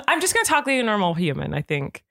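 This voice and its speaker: A woman in her thirties chatting casually as a co-host, with a voice that swoops up and down a lot. Her tone is bright and sharp, and she giggles and sounds nervous. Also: medium pitch, very animated, fast, creaky. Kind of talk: casual chat.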